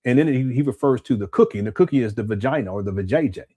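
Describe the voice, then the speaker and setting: A man's voice: mid-range voice, animated, racing, mellow. A man from Southern California talking casually as a live-stream commentary host, often repeating words and answering chat comments.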